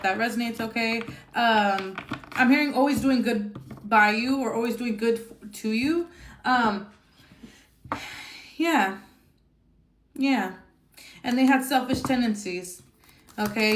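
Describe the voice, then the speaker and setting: A woman's voice: fairly high pitch, echoey room, a little hiss or hum. A woman giving a casual tarot reading, talking bluntly and swearing freely, with lots of fillers and tag questions. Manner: chatty and blunt, swears freely, frequent "okay?" and "um". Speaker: tarot reader.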